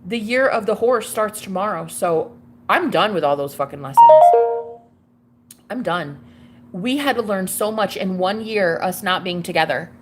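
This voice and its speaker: Talking to camera in a confessional, casual way, a young tarot-reading vlogger gushes and chats, calling her listener "girl" and "babe." Her medium-pitched voice has lively intonation and a normal speed.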